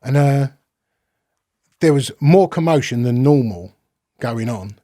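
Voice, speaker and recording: Speaking slowly yet animatedly, this Londoner has a medium-pitched voice with a dark tone, recorded at studio quality with no echo. As a podcast guest he rambles through a casual story packed with swearing and acted-out dialogue.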